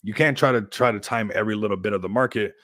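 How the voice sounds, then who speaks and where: A man's voice: on the low side, quick pace, a bit bright, no room sound, clean studio sound. A man hosting a crypto livestream, chatting casually in a rambling, upbeat hype style and laughing often.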